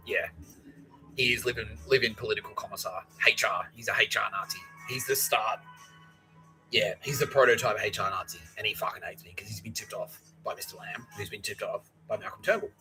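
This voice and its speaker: A man's voice: fairly low pitch, brisk, music in the background, low-quality recording. An Australian man hosting a podcast, telling a rambling, profane story and acting out the people in it. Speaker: podcast host. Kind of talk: rambling comedic monologue.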